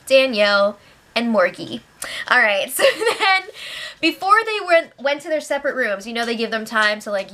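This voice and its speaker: A woman's voice: fairly high pitch, bright, forceful tone. Chatty, giggly woman recapping a show. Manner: chatty and giggly, with sarcastic asides. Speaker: reality show recap host. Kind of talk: casual spoken recap of show updates.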